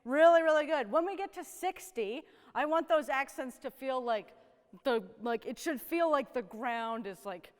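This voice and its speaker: High-voiced woman teacher coaching horns, upbeat, says "right?" a lot, reverby hall. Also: lively intonation, moderate pace. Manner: upbeat, encouraging, frequent "right?" and "like". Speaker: horn teacher leading a sectional rehearsal. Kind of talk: rehearsal coaching. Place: rehearsal room with young musicians.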